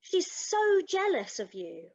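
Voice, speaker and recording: A woman's voice: very high-pitched, huge pitch swings, slow, darkish tone, dull audio, full character voice. A woman playing a defensive, matter-of-fact wife. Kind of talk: live improv comedy. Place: live stage show.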